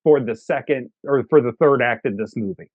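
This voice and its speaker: A man's voice: medium pitch, brisk, a little mellow, muffled recording. A man co-hosting a movie review, emphatic and enthusiastic as he praises favorite lines. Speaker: co-host of a movie review show. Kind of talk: casual review chat.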